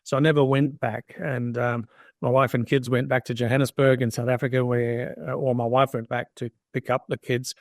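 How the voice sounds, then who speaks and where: An older man, an entrepreneur appearing as a podcast guest, tells a long personal story in conversation, acting out the dialogue he quotes in an anecdotal manner. His medium-pitched voice has a flat delivery at normal speed, with no echo.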